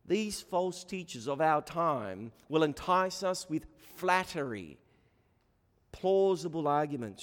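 A man's voice: on the high side, a bit bright, in a large hall. A man preaching a sermon as pastor, emphatic and full of rhetorical questions.

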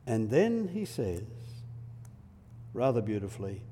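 A man's voice: medium pitch, expressive, unhurried, long pauses, mellow, husky. A male preacher giving a sermon in a church, reflective in manner and asking the listeners rhetorical tag questions. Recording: echoey hall reverb.

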